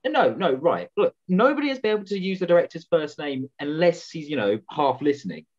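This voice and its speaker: A woman's voice: low voice, big pitch swings, a little fast, darkish tone. A woman playing a cocky, lovesick young man in an online student drama. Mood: gossipy. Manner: gossipy, conspiratorial. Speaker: student actor. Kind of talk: online amateur drama over video call. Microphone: video call. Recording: dull lo-fi video call audio.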